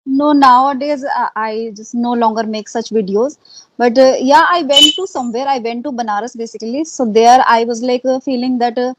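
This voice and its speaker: Interviewed casually, a woman with an Indian accent, an English learner, talks earnestly, often repeating herself and leaning on fillers. Her voice is on the high side at a normal speed, and the recording is very noisy.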